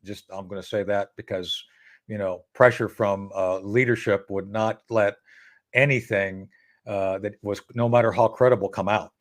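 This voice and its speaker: Animated man telling a story as a guest. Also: on the low side, moderate pace. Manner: animated, acts out dialogue with frequent restarts. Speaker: interview guest. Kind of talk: casual storytelling interview.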